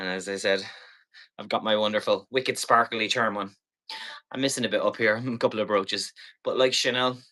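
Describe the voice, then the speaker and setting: A man's voice: mid-range voice, sharp tone. A man hosting a live selling stream, chatty and playful as he rambles through each item. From Ireland.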